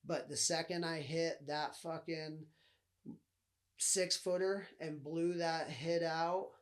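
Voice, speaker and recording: Young guy rambling through his own story on his podcast, cusses a lot, voice a bit on the high side. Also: steady tone, slow pace. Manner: profane, loose, rambling, heavy on fillers. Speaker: podcast host. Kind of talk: casual storytelling monologue.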